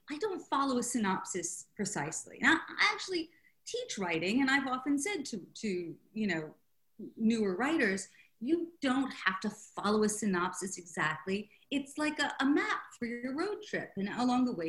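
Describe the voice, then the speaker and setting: Chatty, animated older woman author. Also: a little high. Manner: chatty, animated, self-deprecating, laughing often. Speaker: author guest. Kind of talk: interview storytelling.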